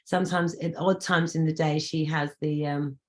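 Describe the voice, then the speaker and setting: A woman's voice: low voice, fairly even intonation, moderate pace, a little mellow. A woman hosting a casual interview on a video call, talking enthusiastically in a rambling way with many restarts. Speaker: host and singer-songwriter.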